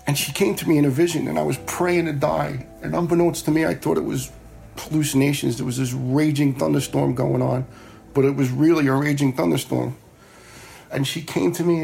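Gravelly blunt middle-aged man. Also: fairly high pitch, darkish tone. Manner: blunt, heartfelt, conversational. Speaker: firefighter, storyteller. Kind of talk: personal storytelling.

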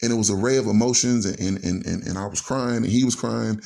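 This time the radio storyteller's voice is lowish, gravelly and dark in tone, and he speaks fast. He recounts a family story from his own life with earnest feeling, linking each sentence with "and so."

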